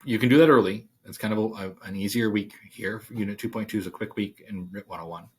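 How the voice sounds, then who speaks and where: A male writing instructor talks through a worksheet in a relaxed, thinking-aloud way, with plenty of fillers along the way. His voice sits on the low side. Keyboard typing can be heard behind him. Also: fast, breathy edge. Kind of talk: screen-share worksheet walkthrough.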